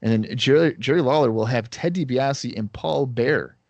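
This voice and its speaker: A man's voice: mid-range voice, normal speed, no echo. A man co-hosting a podcast, recapping a show in casual, sarcastic chat. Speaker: podcast co-host.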